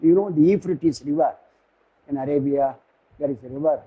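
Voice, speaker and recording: An older Indian man lectures on philosophy in a mellow, slightly high voice with an Indian English accent. He wanders into asides and stops to search for names and words. His tone is husky and soft-edged. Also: rough recording. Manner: digressive, halting, searches for words.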